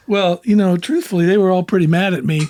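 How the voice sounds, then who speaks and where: A man's voice: high voice, no echo. Laid-back man telling stories, dry sound. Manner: relaxed, rambling anecdotes with quoted dialogue and chuckles. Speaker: guest, country singer. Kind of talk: casual storytelling in an interview.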